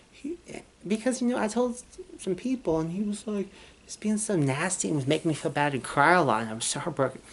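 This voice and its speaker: Low-voiced young woman rambling a story. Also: a little hiss or hum. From Texas. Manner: rambling, with many restarts and swearing. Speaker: vlogger. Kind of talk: casual storytime.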